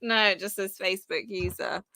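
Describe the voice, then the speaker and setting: A woman's voice: mid-range voice, steady tone, a little fast, pushed and bright. A woman co-hosting a casual live podcast, speaking candidly with plenty of fillers. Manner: chatty, candid, trailing fillers. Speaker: podcast co-host.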